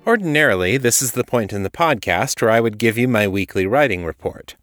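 A man, the podcast host and author, reading a story aloud in a measured way. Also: medium pitch, expressive, fairly bright tone, faint music behind. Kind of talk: scripted story narration.

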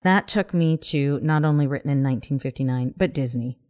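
With a bass voice and a darkish tone, this woman speaks fairly quickly. She co-hosts a podcast in a Southern accent, keeping the chat casual and earnest and sometimes lowering it to a whisper.

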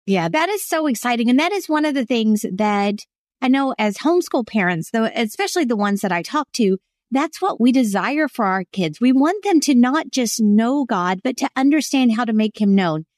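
A woman hosts a podcast interview and answers her guest with encouragement and agreement. Her voice sits slightly high, and the recording is dry and close. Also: lively intonation, normal speed, darkish tone, no echo. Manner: encouraging, affirming responses. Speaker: podcast host.

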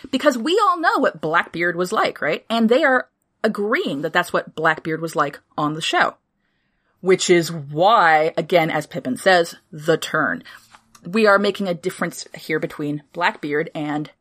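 A woman co-hosting a podcast, recapping a TV series in casual chat with swearing and quick asides. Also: lowish voice, big pitch swings, fairly bright tone. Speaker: podcast co-host.

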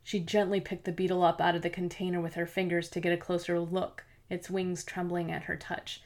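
A woman reading a novel aloud as narrator, in a steady, measured storytelling manner. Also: lowish voice. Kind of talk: scripted audiobook narration.

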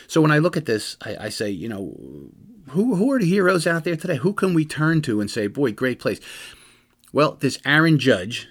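A man's voice: on the high side, very animated, normal speed. Rambling conversational American man. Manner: rambling, conversational, with many fillers and restarts. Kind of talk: casual storytelling monologue.

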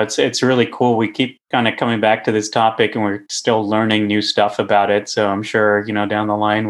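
A man speaking as a physician guest on a medical podcast, relaxed and friendly. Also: lowish voice. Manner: laid-back and friendly, says "dude". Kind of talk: casual medical podcast chat.

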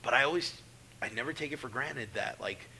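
A man's voice: mid-range voice, a little fast, creaky, a little hiss or hum. A middle-aged man, a professional wrestler, telling stories in casual, profane talk and acting out the voices in them. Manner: profane, animated, acts out voices. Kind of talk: casual storytelling.

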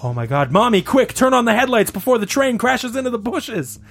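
Man voicing a small scared boy in a joke, high and eager. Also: sing-song, a little fast, creaky, a bit bright, slightly rough, soft background music, full character voice. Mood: frightened.

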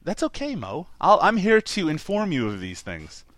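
A man co-hosting a casual podcast movie review, animated and laughing often as he explains details. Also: fairly high pitch, moderate pace, dry recording. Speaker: podcast co-host.

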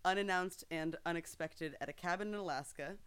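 A woman's voice: fairly low pitch, brisk, fairly bright tone, clean tone, dry recording. An actress in an interview, explaining her craft in an articulate, thoughtful way. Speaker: stage actor. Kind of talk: casual interview answers.

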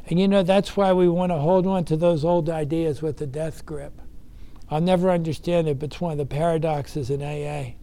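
Earnest gravelly man giving a recovery talk. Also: on the high side, fairly even intonation, a little fast, dark tone. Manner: earnest storytelling with emphatic bursts. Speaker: speaker sharing recovery experience.

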